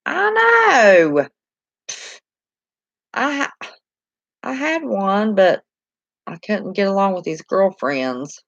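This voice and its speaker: A woman's voice: mid-range voice, sing-song, extremely slow, creaky, pauses often, fairly bright tone, no echo, lo-fi sound. A woman with a Southern American accent chatting casually on a live stream, reading and answering viewer comments in a homey, talkative way and laughing easily. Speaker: channel host reading live chat.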